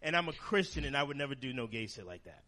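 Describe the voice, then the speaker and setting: A man performing a crude stand-up comedy set, deadpan and shocking, jumping into shrill outbursts. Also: fast talker. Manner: crude, deadpan shock humor with sudden high-pitched outbursts.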